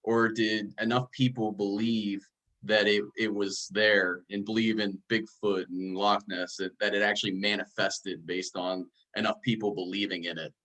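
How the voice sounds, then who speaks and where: A man hosts a relaxed podcast chat in a lowish voice. He speaks in an easygoing, halting way, full of small fillers as he gathers his thoughts. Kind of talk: casual chat.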